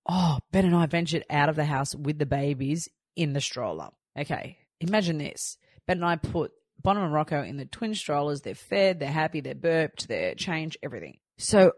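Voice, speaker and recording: Chatty Australian woman, low dry voice. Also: lively intonation, fairly quick, few pauses, no room sound. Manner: chatty storytelling, acting out her own lines. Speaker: podcast host. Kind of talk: casual chat.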